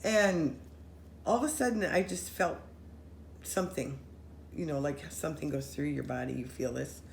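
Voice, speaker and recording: A woman telling a story in casual chat with friends, animated, running her sentences together and acting out what people said. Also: deep voice, moderate pace, gravelly. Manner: animated, acts out quoted voices, run-on sentences. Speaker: storyteller recounting a paranormal experience. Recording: roomy echo with faint noise.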